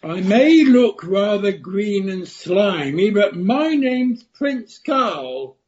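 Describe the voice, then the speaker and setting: A woman's voice: mid-range voice, expressive, extremely slow, darkish tone. A woman voicing a young male frog prince in an amateur radio play, theatrical and pleading. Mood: prim. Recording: slightly muffled radio play recording.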